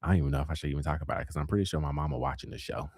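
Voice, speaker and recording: This forties-aged man hosts a talk show, relaying dating tales in a loose, sassy style and animatedly performing each line of dialogue. He speaks at a racing pace in a rumbling low voice, captured at studio quality without any echo.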